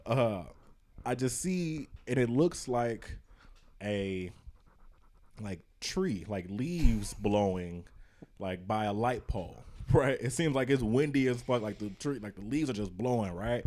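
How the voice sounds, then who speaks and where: A podcast host telling a story in casual chat, swearing freely and acting out the people in it. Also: male voice, medium pitch, unhurried. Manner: animated storyteller, swears freely, acts out voices.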